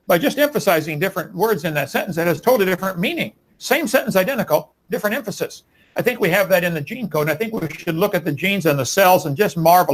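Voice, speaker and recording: A man's voice: sits high, animated, quick pace. A man making emphatic, preachy arguments in a live debate.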